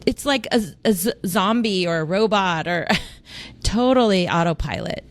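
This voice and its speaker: Candid woman sharing her story. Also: mid-range voice. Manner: candid, animated, quick bursts with laughs. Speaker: podcast co-host. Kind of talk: personal storytelling in conversation.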